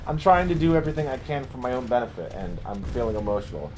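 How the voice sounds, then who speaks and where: A man's voice: medium pitch, very animated, fast, hardly any pauses, darkish tone, faint music behind. A man talking to viewers in an unscripted casual vlog, rambling, self-deprecating, often laughing and swearing. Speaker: video creator.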